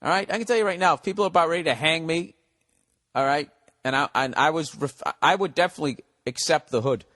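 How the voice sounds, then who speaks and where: A male podcast host rambles on his own in a loose, unscripted monologue. He is blunt and jokey, swears constantly, and sits slightly higher in pitch than most men. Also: quick pace, a bit bright. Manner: profane, blunt, joking.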